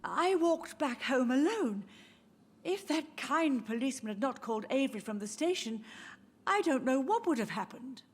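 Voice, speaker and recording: A woman's voice: high-pitched, lively intonation, normal speed, a little hiss or hum. An actress playing a frail, confused elderly mother who speaks in a wistful, drifting, tender way, in video game dialogue with faint music beneath. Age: older.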